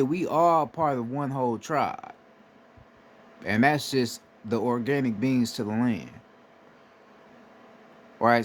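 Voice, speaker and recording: A man's voice: medium pitch, slight background noise. A man from the United States giving a casual, emphatic monologue, swearing freely and often asking "right?" to drive his points home. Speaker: spiritual commentator.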